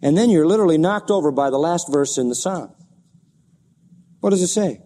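A man's voice: on the high side, expressive, fairly quick, dark tone, big-room sound, slight background noise. A man preaching an expository sermon, reading scripture dramatically and asking the congregation rhetorical questions.

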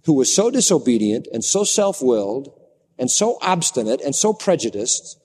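A man preaching a sermon in a dramatic, animated way that plays up the story for his listeners. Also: mid-range voice, normal speed, breathy edge. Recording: long hall reverb.

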